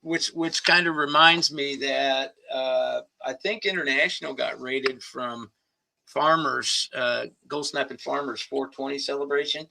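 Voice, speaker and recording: Gravelly, bright-voiced joking man. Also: medium pitch, steady tone, a little slow. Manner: joking, reads chat aloud. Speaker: co-host. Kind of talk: casual live-stream chat.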